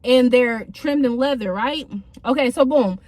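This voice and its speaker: A woman's voice: high voice, measured pace, a little mellow, no echo. A young woman telling a casual storytime from her car, in a chatty, slangy way with many fillers. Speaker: vlogger.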